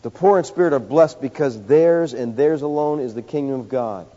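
Preacher man in a reverberant hall. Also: normal speed. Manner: emphatic, rising to loud peaks then dropping low. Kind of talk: sermon. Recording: dull sound with long hall reverb.

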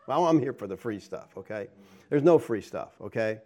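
Middle-aged pastor preaching conversationally. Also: male voice, lively intonation, moderate pace, dark tone. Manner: conversational, keeps asking "okay?" and "all right?"; acts out quoted people in a higher voice. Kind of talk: sermon.

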